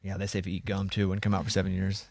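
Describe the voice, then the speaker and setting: A man's voice: deep voice, completely flat delivery, racing, creaky, a little mellow, no room sound. A man hosting a radio show, bantering playfully with his co-hosts and coaching them along. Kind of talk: casual studio banter. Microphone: studio microphone.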